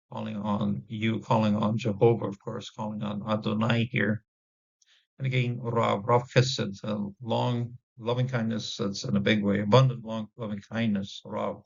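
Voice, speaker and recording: Man, gravelly, halting lesson delivery with fillers; muffled low-fi recording. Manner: halting, many fillers, sounds out Hebrew words. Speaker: Hebrew teacher. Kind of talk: casual word-study lesson. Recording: dull lo-fi audio.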